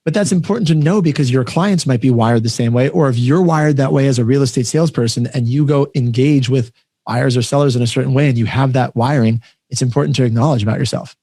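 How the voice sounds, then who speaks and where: A man hosting a podcast, talking quickly in a mellow, darker tone, fairly high for a man. He tells stories in an animated, self-deprecating way, with plenty of casual fillers. The sound is dry and close. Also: no room sound. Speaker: podcast host. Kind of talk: casual chat.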